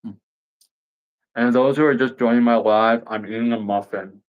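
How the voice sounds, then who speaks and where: A man's voice: mid-range voice, fairly even intonation, moderate pace, lo-fi sound. A young man hosting a casual livestream, rambling with lots of fillers and frequent laughs as he chats to viewers. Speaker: livestream host.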